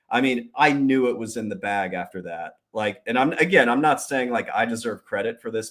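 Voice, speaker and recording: A man with a lowish voice tells a long story as the host of his own show. He talks casually, swears freely and livens things up by acting out the people he quotes. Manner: profane, animated retelling with quoted voices. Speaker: podcast host.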